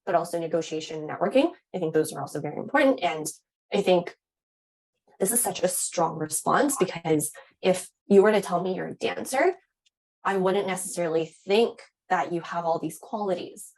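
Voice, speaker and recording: Slightly low-voiced woman instructor, casual. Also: normal speed, darkish tone, rough recording. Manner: casual, frequent "right?" and "um". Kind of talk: teaching admissions interview skills.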